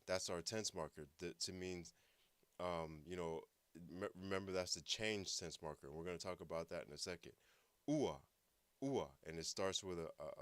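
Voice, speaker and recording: A man's voice: low voice, no room sound. A man teaching a language class, patiently explaining and repeating words for practice. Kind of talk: online language lesson.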